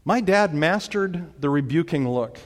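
A man's voice: on the high side, lively intonation, unhurried, long reverb tail. A man preaching a sermon, emphatic, with dramatic rises when he quotes commands. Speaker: pastor.

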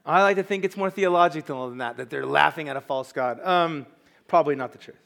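A man's voice: on the high side, a little fast, vocal fry, fairly bright tone. A man preaching a sermon as pastor, emphatic and conversational, with asides to the congregation.

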